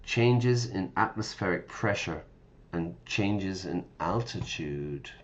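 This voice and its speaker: An English teacher streams a game, reading its text aloud and patiently explaining words for English learners while often checking in with his listeners. His low voice is animated and slow, with the highs cut off and a little hiss or hum underneath.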